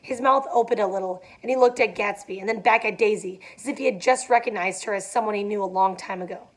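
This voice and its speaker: A woman's voice: mid-range voice, fast talker. A young adult woman reading a novel aloud, dropping in casual asides with fillers. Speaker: reader.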